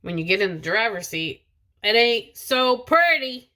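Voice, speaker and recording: A woman in her thirties, a mother of two, sits in the driver's seat of her car and chats casually to the camera for a personal vlog. Her voice is fairly high and bright, with big pitch swings, a forceful tone and a slightly slow pace. She rambles, with lots of fillers and restarts.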